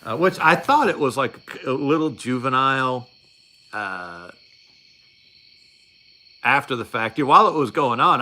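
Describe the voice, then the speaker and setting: A middle-aged man with a bright, forward voice spins a casual story, rambling and wry. He stops often for fillers and starts his sentences over. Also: medium pitch, expressive, moderate pace, long pauses.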